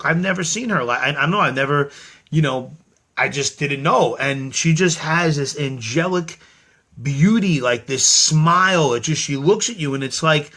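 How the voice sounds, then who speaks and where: Earnest rambling man with a bright voice. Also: a little high. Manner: rambling, earnest, with many restarts and quoted dialogue. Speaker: host of his own show. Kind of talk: casual storytelling monologue.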